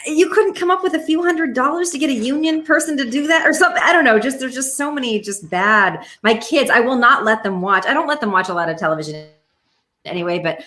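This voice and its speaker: Woman, voice actress guest, playful storyteller, bright tone, somewhat high voice. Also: lively intonation, fast talker. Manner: playful storyteller, often laughing, slips into voices. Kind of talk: casual interview chat.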